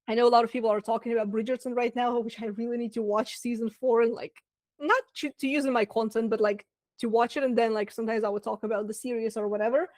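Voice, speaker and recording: A chatty woman with a Russian accent coaching a live online class, her voice sitting a little high. She talks loosely, with fillers and side remarks. The sound is dry and close, with no room around it. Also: steady tone, quick pace, a little mellow, no echo. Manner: chatty, lots of fillers and asides. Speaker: business coach. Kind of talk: webinar masterclass talk.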